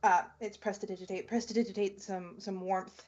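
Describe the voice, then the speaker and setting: A woman playing a tabletop roleplaying game, excitable, laughing often and swearing casually. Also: medium pitch, a little fast, highs cut off, crowd noise. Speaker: player.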